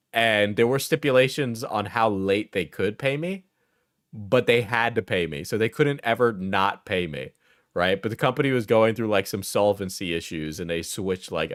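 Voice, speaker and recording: A man's voice: lowish voice, fairly bright tone, dry recording, studio quality. A man reacting to a clip as a streamer, mocking and profane, with bursts of laughter. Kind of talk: reaction commentary.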